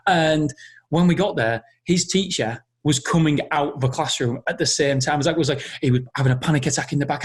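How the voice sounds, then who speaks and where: Husky man telling a heartfelt story. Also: a little high, brisk. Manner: earnest, emotional, with frequent restarts. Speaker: podcast host. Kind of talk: personal storytelling monologue.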